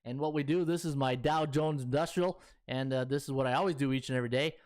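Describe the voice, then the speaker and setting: A man's voice: mid-range voice, fast, darkish tone. A man hosting a sports betting podcast, chatting in a folksy way with lots of fillers. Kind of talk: casual chat.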